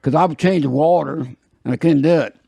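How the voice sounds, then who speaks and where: A man's voice: on the high side, brisk, vocal fry, warm tone, slightly rough, no room sound, studio quality. A man, hosting a podcast in a loose, rambling, jokey way and laughing at his own jokes. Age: 50s. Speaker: podcast host. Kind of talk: casual chat.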